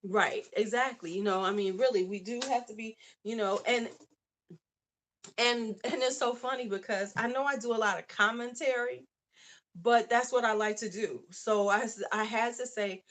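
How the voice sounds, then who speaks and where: A woman's voice: medium pitch, steady tone, moderate pace, fairly bright tone. A woman hosting a casual beauty channel chat, talking back to her viewers' comments with frequent asides. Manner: chatty, reads chat aloud, asides to viewers. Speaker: YouTube beauty channel host. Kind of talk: casual live-stream chat.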